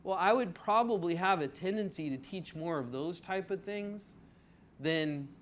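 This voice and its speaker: A pastor with a high voice preaches an expository sermon at a measured pace. His delivery is conversational, and he poses rhetorical questions to the congregation while drawing out key words for emphasis.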